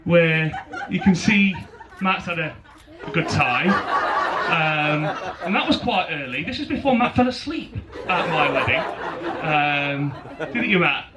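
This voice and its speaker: A young man gives a wedding toast into a handheld microphone, teasing and joking between lines before reading out a rhyming poem. His voice sits fairly high and swings widely in pitch. The guests at the reception can be heard laughing throughout. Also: lively intonation, measured pace. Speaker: best man giving a wedding speech. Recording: wedding video with crowd noise. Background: crowd of guests laughing.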